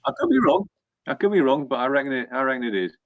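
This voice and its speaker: A man's voice: mid-range voice, big pitch swings, fast, no room sound. Hesitant Geordie man, dull dry mic. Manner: hesitant, thoughtful. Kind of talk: casual banter on a live stream.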